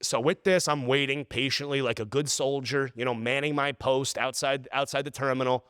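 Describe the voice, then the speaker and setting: A man hosting a podcast, telling an exasperated travel story in a casual, animated way. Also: medium pitch, normal speed, smooth, dry recording, studio quality. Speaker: podcast host.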